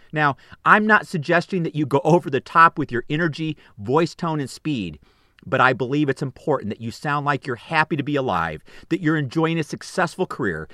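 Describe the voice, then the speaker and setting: A man's voice: a little high, fairly bright tone, no echo, clean studio sound. Upbeat man reading business tips. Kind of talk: scripted narration of tips.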